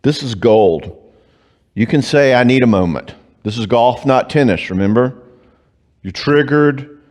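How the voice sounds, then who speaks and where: A man speaks at a church conference. His pitch swings widely as he acts out stories with humor. A long reverb rings around him from the church hall. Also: unhurried. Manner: animated, acts out quoted dialogue with humor. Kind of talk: live conference talk with storytelling. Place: church before a live audience.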